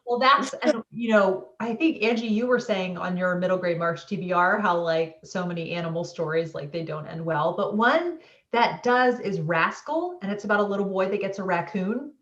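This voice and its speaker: A woman co-hosting a relaxed book discussion, rambling through stories with plenty of filler words. Her voice sits at a middle pitch. The audio is roomy and a little dull, like an echoey video call. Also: moderate pace, recorded from a distance. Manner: chatty storyteller, many "like"s. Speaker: book club co-host. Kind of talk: casual book chat.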